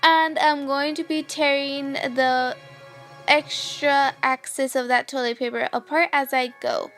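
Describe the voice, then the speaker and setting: A woman's voice: high-pitched, a little slow, faint music behind. A young woman giving step-by-step voice-over narration for a makeup tutorial. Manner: steady step-by-step instructions. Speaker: makeup vlogger.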